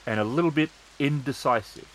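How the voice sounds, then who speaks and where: A man narrating a tabletop game as game master, measured and descriptive with pauses. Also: mid-range voice, slight background noise, low-quality recording.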